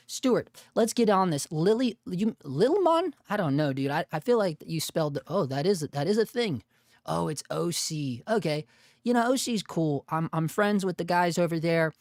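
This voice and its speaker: A man's voice: fairly high pitch, no room sound, clean studio sound. A man hosting a live stream in a casual, rambling way, often saying "dude" and "you know". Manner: rambling, laid-back, says "dude" and "you know" a lot. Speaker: livestream host.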